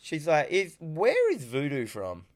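A man's voice: a little high, wildly swooping pitch, a little slow. A man, casually recapping a film as a podcast co-host, sweary and rambling. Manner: sweary, rambling, laughs often.

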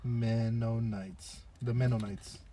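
Laid-back man over clear hiss. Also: mid-range voice, fairly even intonation, takes it slowly. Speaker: podcast co-host. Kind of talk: casual chat. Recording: noisy background hiss.

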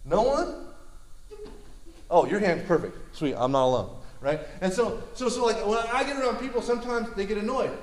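A man preaching a sermon in a lively, conversational way, repeating words and asking the crowd questions. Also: high voice, normal speed, roomy sound.

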